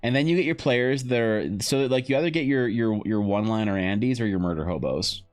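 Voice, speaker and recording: A man streaming live while drawing, chatting casually in a rambling, joking way with animated asides. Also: mid-range voice, fairly quick, faint music behind. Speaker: streamer and game master. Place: home streaming setup.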